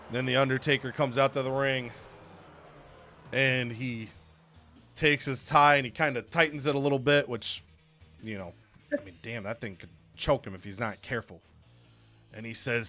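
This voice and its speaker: A man's voice: fairly high pitch, sharp tone. A man casually narrating a wrestling video game story with chatty asides.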